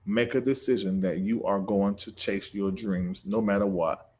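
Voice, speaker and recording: A man hosts a livestream at normal speed, his fairly low voice steady and a little mellow. He talks to the audience emotionally, much like a preacher, laughing through grief as he greets viewers and reads their comments out.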